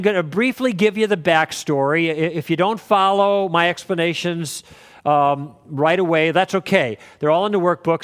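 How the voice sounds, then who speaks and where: In a room with long, lecture-hall reverb, a high-voiced man teaches a class. His delivery is relaxed and story-driven as he walks through his points, quoting both sides of past conversations along the way.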